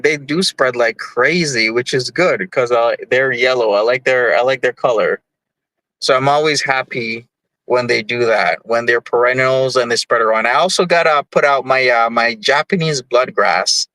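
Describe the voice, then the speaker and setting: A man's voice: mid-range voice, sharp tone, no echo, poor audio. A young man from Jamaica hosting a livestream, chatting casually and reading chat messages in a rambling, easygoing way. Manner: rambling, easygoing, many fillers. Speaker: livestream host.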